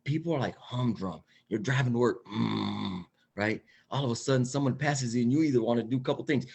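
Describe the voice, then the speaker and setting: Man, motivational speaker, husky tone, emphatic, repeats lines for punch. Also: medium pitch, fairly quick. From Mexican heritage. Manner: energetic, emphatic, repeats phrases for effect. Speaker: guest. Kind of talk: motivational talk.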